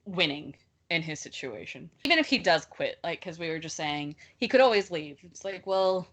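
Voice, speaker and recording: A woman co-hosting a casual book discussion podcast, talking in an animated, exasperated way and laughing often. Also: lowish voice, normal speed. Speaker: podcast co-host.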